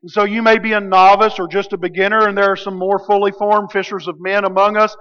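A high-voiced male pastor delivers a sermon in a loose, conversational way, joking and acting out little quotes. His voice rings with a long reverb through a church sanctuary. The recording sounds dull and muffled. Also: level tone, quick pace, fairly bright tone. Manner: conversational, jokey preaching with acted quotes.

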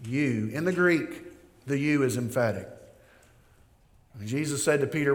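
A man preaching a sermon as pastor, slow and emphatic, building in intensity. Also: mid-range voice. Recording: long reverb of a large hall.

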